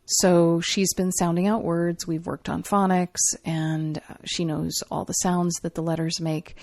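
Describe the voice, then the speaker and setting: A woman co-hosting a parenting podcast, telling a family story in a lively, chatty way. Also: on the low side, dry recording, studio quality. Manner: warm, animated storyteller. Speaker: podcast co-host. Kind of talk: casual chat, storytelling.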